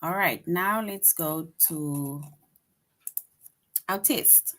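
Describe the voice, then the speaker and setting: A woman teaches an online lesson to young children at an unhurried, deliberate pace. She is patient and repeats herself, keeps checking in with "right?", and reads her example sentences aloud with lively bursts of expression. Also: low-pitched. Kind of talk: online grade-school lesson.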